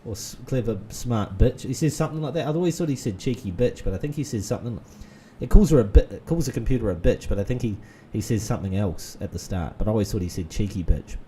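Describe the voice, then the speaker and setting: Rambling man with a mellow low voice. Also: expressive, quick pace, hardly any pauses, a little hiss or hum. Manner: rambling, many fillers and restarts. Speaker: gaming channel host. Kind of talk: casual let's-play commentary.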